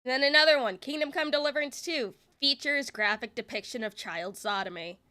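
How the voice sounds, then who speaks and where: A woman's voice: sits high, brisk, bright, forceful tone. A woman streamer giving exasperated, sarcastic reaction commentary and swearing freely.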